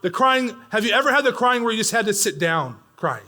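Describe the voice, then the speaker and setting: A middle-aged man preaching a sermon in a church, swinging between loud, pressing lines and hushed, near-whispered ones. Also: high voice, animated, fairly quick. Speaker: pastor. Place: church sanctuary.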